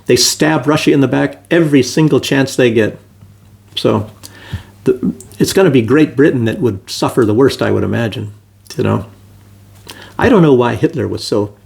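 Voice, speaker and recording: Male political commentator, gravelly, mid pitch, rambling off-the-cuff monologue. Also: darkish tone. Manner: rambling, many fillers and restarts. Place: Belarus.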